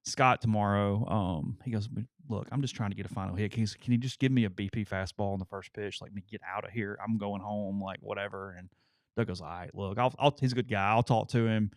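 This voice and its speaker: A man co-hosting a sports talk show, reading ads and telling a rambling, animated story in casual chat. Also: fairly low pitch, fairly quick, no room sound, clean studio sound. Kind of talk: casual chat and live ad reads.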